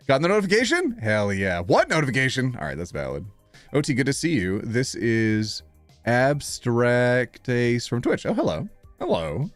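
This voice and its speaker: An excitable man chatting live to his viewers from a home office, his voice swooping up and down in pitch. He laughs often and breaks into happy squeals. Faint music plays underneath. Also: no room sound. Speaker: livestream host. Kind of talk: casual live-stream chat.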